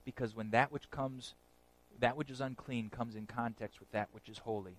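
A man preaching a sermon in an earnest, emphatic way, often dropping to a hushed low voice on key phrases. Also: steady tone, normal speed, rough recording.

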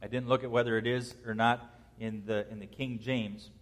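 A man preaching an expository sermon, swinging between soft, slow stretches and loud, rising bursts. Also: mid-range voice, flat delivery. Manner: preaches with dynamic swings in loudness and pace. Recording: long hall reverb.

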